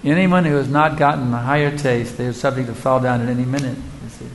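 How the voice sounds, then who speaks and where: This man talks fast in a steady, medium-pitched voice, and the poor audio carries a faint hiss or hum. As a spiritual teacher fielding audience questions at a devotional lecture, he's emphatic and rhetorical, frequently putting questions to the crowd.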